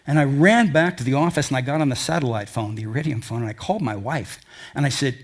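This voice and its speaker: An older man speaks fast in a mid-range voice as he presents in a lecture hall. He's an adventure travel speaker, and his talk wanders through folksy anecdotes from his trips.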